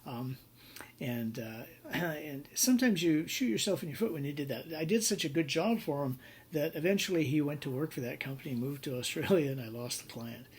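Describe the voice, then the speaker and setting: A man's voice: fairly high pitch, expressive, fairly quick, breathy edge. A middle-aged man teaching business law in a recorded lecture, telling stories in a conversational way with many fillers.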